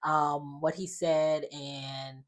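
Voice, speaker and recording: A woman casually recapping a reality show, telling it in an animated, sassy way with slangy asides. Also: sits low, extremely slow.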